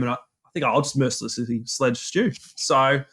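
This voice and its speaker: An Australian man casually telling a cricket story on a podcast, animated, acting out his own banter. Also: mid-range voice, normal speed, slightly rough.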